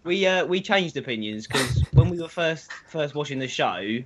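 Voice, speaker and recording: A man's voice: a little high, lively intonation, moderate pace, a bit bright, a little hiss or hum. A man joining an online chat show as a guest, casual and joking.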